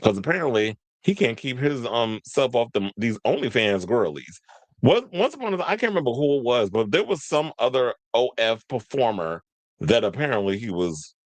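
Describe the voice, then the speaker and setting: Lively, gossipy man hosting pop-culture chat. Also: on the low side, no echo. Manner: playful, gossipy, laughs often, mock-swooning asides. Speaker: host.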